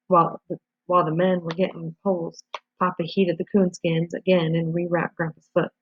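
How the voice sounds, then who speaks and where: A woman reads a novel aloud in a husky voice, keeping a steady storytelling pace with small slips and restarts. The recording is dull and lo-fi. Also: lowish voice, moderate pace, no echo. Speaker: reader.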